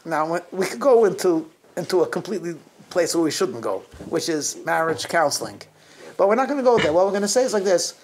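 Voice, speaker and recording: A middle-aged rabbi with a high, animated, brisk and slightly mellow voice tells holiday anecdotes to his congregation. He often chuckles mid-sentence and restarts his phrases, and there's a little background noise.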